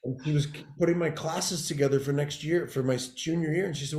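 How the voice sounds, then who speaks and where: A man's voice: on the high side, fast. Storytelling middle-aged man in an echoey room. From California, US. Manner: animated storyteller who acts out quoted people. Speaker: guest, TV showrunner and actor. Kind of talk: casual storytelling interview. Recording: roomy echoey room sound.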